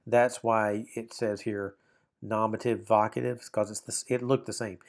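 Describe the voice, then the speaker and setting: A man's voice: fairly low pitch, flat delivery, normal speed. A man teaching a Bible Greek lesson, explaining step by step with frequent ums and reading aloud from a textbook. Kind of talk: walking through a textbook lesson.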